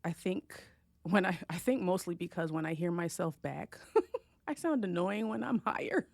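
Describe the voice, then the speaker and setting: A woman's voice: on the low side, animated, normal speed, vocal fry, dry recording, clean studio sound. Giggly self-conscious woman. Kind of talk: casual chat.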